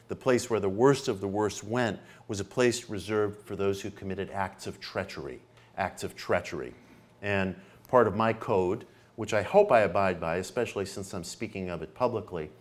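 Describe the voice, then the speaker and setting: Male lecturer with a low-pitched voice, earnest delivery that repeats phrases for emphasis, occasional fillers. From New York, United States. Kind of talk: public lecture.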